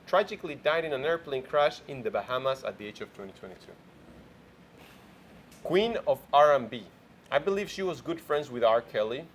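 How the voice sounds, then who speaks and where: A man's voice: a little high, a little hiss or hum. A man hosting a morning show in casual chat, playfully quizzing his co-host.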